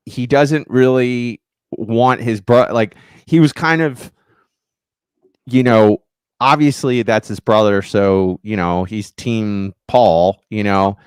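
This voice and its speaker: A man co-hosting a podcast in casual chat, rambling with many halting restarts. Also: lowish voice, clear, resonant tone, dry recording, studio quality. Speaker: podcast co-host.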